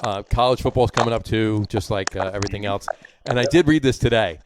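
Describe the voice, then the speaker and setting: A man's voice: fairly low pitch, quick pace. A man with a New Jersey accent co-hosting a casual podcast, rambling with many fillers and restarts. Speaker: podcast co-host. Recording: noisy recording.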